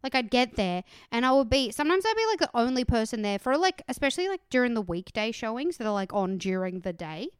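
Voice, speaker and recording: A fairly high, smooth woman's voice, recorded close and dry with no room sound. She tells stories in casual chat and jumps up loudly when she acts out her own outrage. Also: very animated, quick pace, hardly any pauses, no echo.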